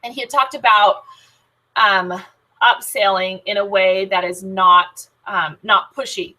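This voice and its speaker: A woman's voice: medium pitch, steady tone, unhurried, sharp tone, rough recording. A woman talking casually to her sales team, upbeat and chatty, with many filler ums and restarts. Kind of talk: casual team training talk.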